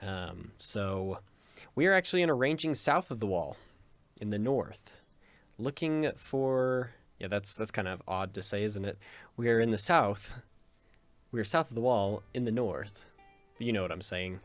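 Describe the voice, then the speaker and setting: A man's voice: fairly low pitch, lively intonation, measured pace, no room sound, faint music behind. A man hosting a gaming video in casual let's play commentary, joking and rambling, often cutting himself off with a chuckle.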